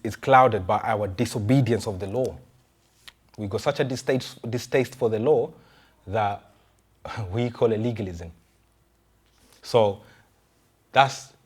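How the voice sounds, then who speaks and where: Pastor guy preaching casually, lots of questions, stumbles and restarts mid sentence, mid pitch voice. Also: husky. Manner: conversational preaching, rhetorical questions, frequent restarts. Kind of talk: sermon.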